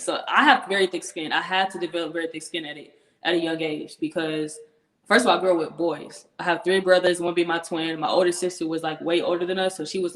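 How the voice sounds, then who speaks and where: A woman's voice: lowish voice, fairly bright tone. A young woman, a professional football player, talking earnestly as an interview guest, laughing often and repeating herself as she talks. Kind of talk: casual interview chat. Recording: echoey room.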